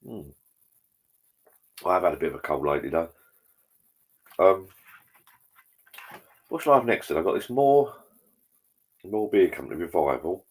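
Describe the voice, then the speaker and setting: A man hosting a relaxed livestream, chatting to viewers in a rambling, matey way over drinks at home. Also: deep voice, normal speed, pauses often, breathy edge. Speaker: livestream host. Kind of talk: casual chat with viewers while drinking. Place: at home, indoors.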